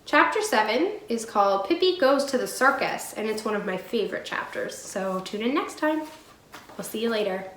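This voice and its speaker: A woman's voice: on the high side, animated, normal speed, a bit bright, reverberant, slight background noise, rough recording. Woman reading a storybook aloud. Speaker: teacher.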